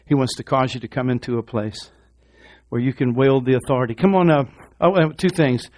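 A pastor gives a sermon in a brisk male voice. Quiet, low stretches give way to loud shouting, and he repeats phrases for emphasis.

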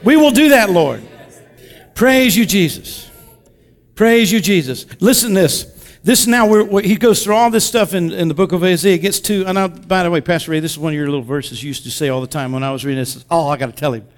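A man preaching a sermon, swinging between loud, fervent exclamations and hushed, intimate passages as he reads and explains scripture. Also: high-pitched, a little fast, long reverb tail. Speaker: pastor.

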